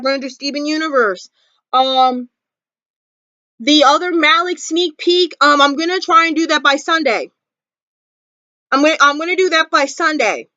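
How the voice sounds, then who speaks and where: A woman talking straight to camera in a casual commentary vlog, emphatic and animated, repeating her points. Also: sits high, dry recording, lo-fi sound. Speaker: vlogger.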